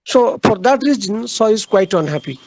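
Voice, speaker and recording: Halting male literature lecturer with a gravelly voice. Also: high-pitched, lively intonation, a little mellow, dry recording, poor audio. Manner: halting, repeats key phrases, frequent "uh" pauses. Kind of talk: classroom lecture.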